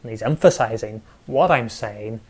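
A man preaching a sermon, measured and emphatic, with pauses and repeated words for stress. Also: on the low side, slightly rough.

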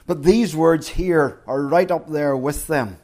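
A man's voice: fairly high pitch, takes it slowly, darkish tone. A middle-aged man preaching a sermon, retelling a story dramatically and acting out the quotes.

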